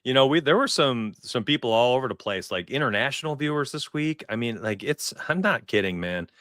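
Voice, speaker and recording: Excitable forties man hosting a stream. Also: medium pitch, a little fast, no echo, studio quality. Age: 40s. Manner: excitable, chatty, laughs often. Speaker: sports betting livestream host. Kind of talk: casual livestream chat.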